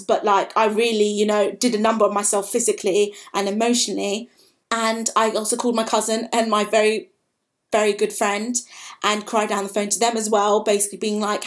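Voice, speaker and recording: A woman in her twenties, recounting a painful experience in a candid, halting personal vlog. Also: medium pitch. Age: 20s. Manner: candid, halting, emotional storytelling. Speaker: vlogger.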